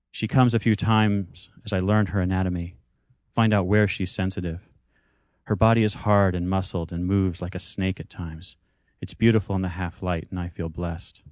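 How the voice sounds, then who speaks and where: A man reading his own first-person story aloud in a measured, intimate way. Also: low-pitched, a little mellow, dry recording, studio quality.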